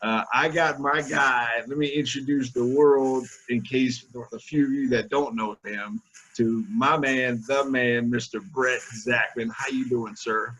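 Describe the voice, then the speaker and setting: A man's voice: medium pitch, steady tone, a little slow, fairly bright tone, low-quality recording. A man hosting a casual webinar interview over a video call, upbeat and slangy, calling his guest "man" again and again. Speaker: webinar host.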